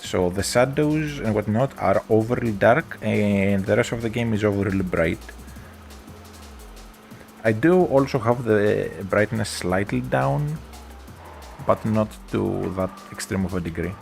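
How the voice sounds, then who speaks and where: A man with a thick Greek accent, chatting through a relaxed game stream. His voice sits low and has a gravelly edge, and he rambles easily with plenty of fillers. Faint game music plays behind him. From Greece. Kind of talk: casual gameplay chat.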